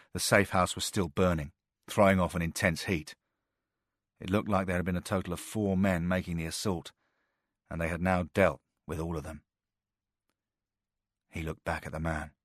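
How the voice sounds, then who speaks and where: A man narrating a thriller audiobook in a steady, measured manner. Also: sits low, no echo, clean studio sound.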